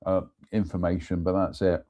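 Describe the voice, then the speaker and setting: A man's voice: sits low, little pitch movement, normal speed, warm tone. A man hosting a live stream, reading ghost stories aloud and chatting with self-mocking asides.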